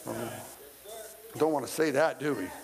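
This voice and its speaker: A man's voice: medium pitch, normal speed, creaky. A male pastor preaching a sermon in a conversational, humorous way, speaking straight to the congregation. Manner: addresses the congregation directly. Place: church sanctuary with a congregation. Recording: long reverb of a large hall.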